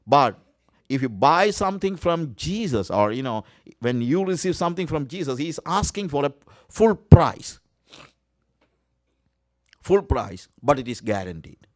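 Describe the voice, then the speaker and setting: Guy preaching slow and deliberate, keeps repeating words for emphasis. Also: mid-range voice, big pitch swings, no echo, studio quality. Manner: earnest, repeats key words for emphasis, frequent uh fillers. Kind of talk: sermon.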